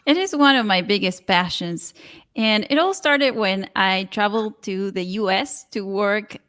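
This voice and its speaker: Guest: argentine woman, spanish native, mid-pitched, measured clear answers. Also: fairly bright tone. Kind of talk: interview answers.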